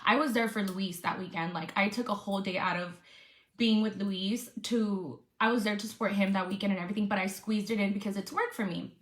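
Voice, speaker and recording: A woman's voice: mid-range voice, fairly even intonation, brisk. Upset woman venting, echoey room. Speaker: influencer. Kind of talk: storytime vlog.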